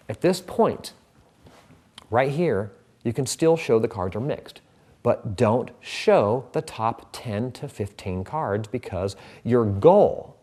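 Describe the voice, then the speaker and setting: A man's voice: medium pitch, dark tone. A man teaching a card trick in a casual tutorial, chatting as he handles the cards.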